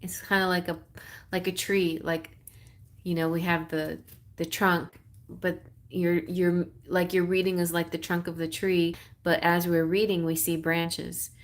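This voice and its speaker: A woman from Texas with a Texan accent, chatting in a relaxed way and laughing often as she reads tarot on a live stream. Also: on the low side, a little slow. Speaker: tarot reader.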